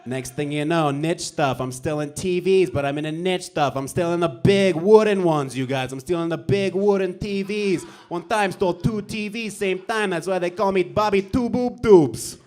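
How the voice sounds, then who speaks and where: A man's voice: high voice, moderate pace, few pauses, a little mellow, natural voice. A man in a stand-up battle playing a cocky small-time criminal who brags with swaggering gangster-style patter and catchphrases, on a club stage with a handheld mic. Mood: boastful. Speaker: stand-up comedian. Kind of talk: stand-up comedy battle set.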